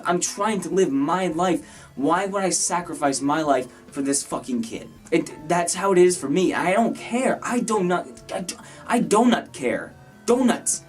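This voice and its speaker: A man, delivering a heated, profane rant on his channel. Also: a little high. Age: 20s. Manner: heated, profane, repetitive ranting. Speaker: gaming YouTuber. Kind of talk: angry vlog rant. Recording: distant mic with faint music.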